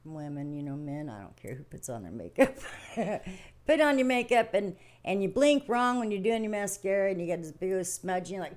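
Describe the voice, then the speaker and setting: A woman's voice: mid-range voice, fairly quick, darkish tone. A middle-aged woman hosting a livestream, giving a casual, folksy spiritual talk that rambles and repeats itself, with frequent laughs. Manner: rambling, repetitive, laughs often; plain-spoken, folksy. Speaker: livestream host.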